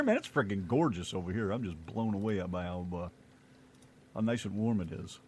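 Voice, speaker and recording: A man co-hosting an internet radio show, joking around with sudden high exclamations. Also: a little fast, darkish tone, slightly rough. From American South. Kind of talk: casual banter.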